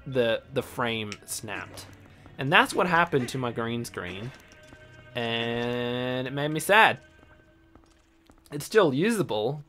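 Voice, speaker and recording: A young man in casual let's play commentary, swearing a lot and bursting into yells at enemies. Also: medium pitch. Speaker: gaming channel host. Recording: faint game music behind.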